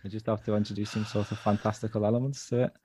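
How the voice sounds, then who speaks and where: A man's voice: on the low side, level tone, rapid-fire, warm tone, a little hiss or hum. A man with a Liverpool accent, a guest author talking earnestly in a casual interview, often restarting his phrases. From Liverpool, England.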